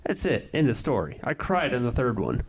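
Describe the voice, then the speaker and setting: Male podcast guest, casual chat, lively up-and-down voice, blunt, emphatic. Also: medium pitch, fairly quick.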